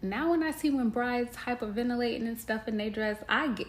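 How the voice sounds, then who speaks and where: Slow-talking young woman, echoey room. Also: on the high side. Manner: candid, emotional, laughs often, addresses listeners as y'all. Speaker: podcast host. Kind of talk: casual personal storytelling. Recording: echoey room, faint background noise.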